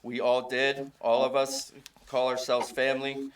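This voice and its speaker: A man's voice: mid-range voice, unhurried, a little hiss or hum. Middle-aged father telling stories at a eulogy. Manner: relaxed anecdotal storytelling, chuckling often. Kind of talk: informal memorial eulogy. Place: funeral home service.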